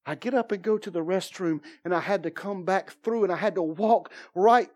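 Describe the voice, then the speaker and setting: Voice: mid-range voice, normal speed, a little mellow. Preacher sharing a personal testimony in a sermon, telling the story vividly and voicing each person's lines. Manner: vivid storytelling with repeated phrases, acting out dialogue.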